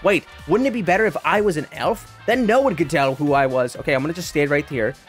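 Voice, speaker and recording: A woman giving excitable gameplay commentary as a gaming YouTuber, often bursting into shrieks and yells. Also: low voice, fast, soft background music.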